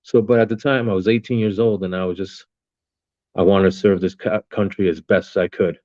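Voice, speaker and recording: A man's voice: low voice, fairly even intonation, a little fast, warm tone, no echo, dull audio. A man in his fifties, a veteran guest on a podcast, telling his story bluntly and with a lot of swearing and fillers. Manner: blunt, profane, with many fillers. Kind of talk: casual storytelling interview.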